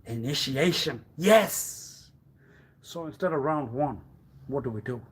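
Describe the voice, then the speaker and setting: Slow, erratic rambling man. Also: medium pitch, lively intonation, slightly rough. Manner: erratic, swinging from hushed mutters to loud outbursts. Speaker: livestreamer. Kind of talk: rambling theatrical monologue.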